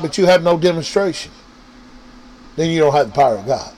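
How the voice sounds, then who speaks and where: A man delivers an informal sermon over a radio or podcast mic. His voice sits a little high, and he keeps turning to his listeners, driving each point home by repeating it. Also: fairly quick, rough recording. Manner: preachy, repetitive, addresses listeners directly. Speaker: preacher. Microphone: online radio or podcast mic.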